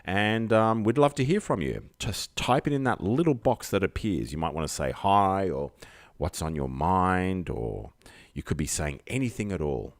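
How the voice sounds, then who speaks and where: A man's voice: sits low, very animated, moderate pace, no echo. An Australian man hosting a casual live stream, rambling through jokey, chatty asides to his viewers. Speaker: host.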